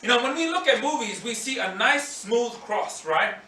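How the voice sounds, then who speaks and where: Preaching in a church hall, this pastor has a very high voice and keeps a moderate pace while animatedly acting out scenes and voices. A distant mic captures the echoey room, along with a slight hiss or hum.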